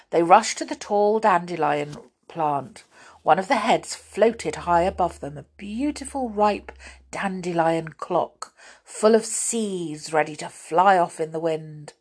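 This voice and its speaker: A woman reading a children's storybook aloud as the storyteller, in an expressive, lively way. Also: lowish voice, slow, breathy edge.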